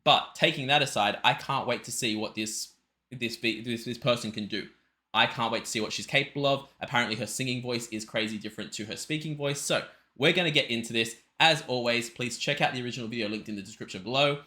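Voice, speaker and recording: A man hosting a music reaction video, excitable and rambling, often restarting his sentences. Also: mid-range voice, fast. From Australia. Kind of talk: casual reaction commentary.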